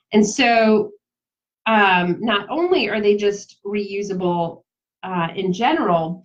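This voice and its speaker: A chatty woman walks viewers through a craft project in a casual live demonstration, laughing easily as she talks to them. Her voice sits at an ordinary middle pitch, and the recording sounds dull and lo-fi.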